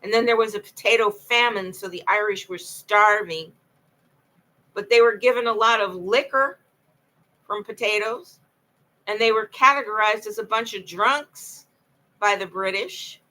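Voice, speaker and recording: Bright-voiced woman in impassioned monologue. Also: mid-range voice, measured pace, poor audio. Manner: impassioned, rambling, repeats herself. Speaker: vlogger telling her own story. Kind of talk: late-night monologue to camera.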